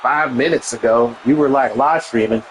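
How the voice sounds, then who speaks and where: A man's voice: medium pitch, moderate pace, a little hiss or hum, low-quality recording. A man streaming and chatting casually, blunt and profane, who laughs often and reads and answers his live chat.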